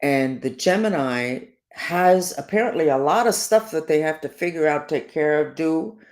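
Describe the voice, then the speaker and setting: A woman presenting weekly horoscopes in an unscripted monologue, animated and emphatic, swinging between loud stresses and quiet asides. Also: sits low, moderate pace.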